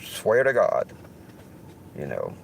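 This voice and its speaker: A man's voice: sits low, wildly swooping pitch, slow pace, vocal fry, slight background noise, low-quality recording. A man with a Southern US accent rambling through a casual livestream monologue, cursing heavily as he talks. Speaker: streamer host.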